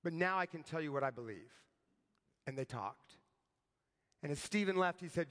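A man's voice: a little high, animated, normal speed, pauses often, a bit bright, big-room sound. A man preaching a sermon, telling a story in a conversational way and often checking in with "right?". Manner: conversational, tag questions like "right?".

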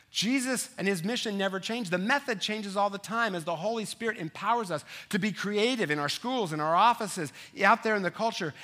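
A male pastor preaching to his congregation in a bright, forceful voice that sits a little high. He tells stories in an animated way and keeps turning to the room with quick asides. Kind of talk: sermon.

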